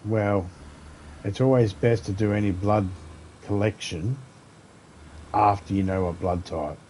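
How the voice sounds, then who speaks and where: A man with a very low voice chats while streaming a game. He rambles from topic to topic in a crude, jokey way, with faint noise behind him. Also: steady tone, a little slow, darkish tone. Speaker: gaming streamer. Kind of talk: casual chat while gaming.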